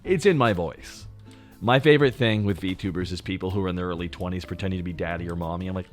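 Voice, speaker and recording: Thirties guy streaming, low deep voice right up on the mic, joking at chat, music going in the back. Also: quick pace. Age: 30s. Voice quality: naturally deep voice. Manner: joking, teasing, talks straight to chat. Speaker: VTuber streamer. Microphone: close to the microphone.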